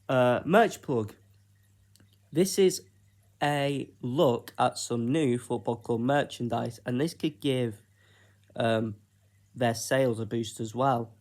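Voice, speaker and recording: A man from Britain talking through his own ideas in a casual solo vlog, unhurried and hesitant, with plenty of ums and pauses. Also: mid-range voice, a little mellow. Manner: unhurried, hesitant, with frequent fillers. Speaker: YouTuber.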